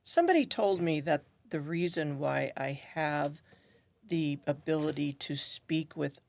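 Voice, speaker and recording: Low gravelly woman telling a story. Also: a little slow. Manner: animated, acts out quoted voices. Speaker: guest. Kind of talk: storytelling in a conversation.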